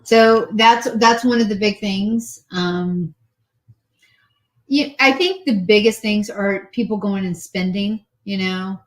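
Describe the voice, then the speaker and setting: A woman mortgage lender talking casually, relaxed and conversational, quoting her clients. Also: medium pitch, slow pace, low-quality recording. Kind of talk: casual chat.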